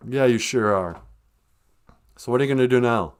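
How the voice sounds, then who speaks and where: A man hosting a comedy podcast, interviewing in a playful, deadpan way. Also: medium pitch, normal speed, pauses often, clear, resonant tone. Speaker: podcast host.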